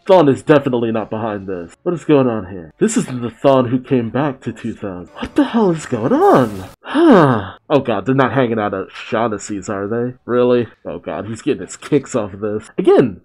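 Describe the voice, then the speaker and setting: A man giving casual live reaction commentary to a TV episode, exclaiming, sighing and thinking out loud. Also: mid-range voice. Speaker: reaction video host.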